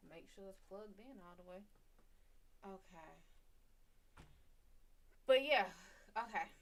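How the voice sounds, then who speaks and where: Speaking slowly but animatedly in a mid-range voice, a woman runs a tarot live stream, swearing casually and talking straight to viewers by name. There's a little hiss or hum, and her voice wanders off the desk mic as she often turns away.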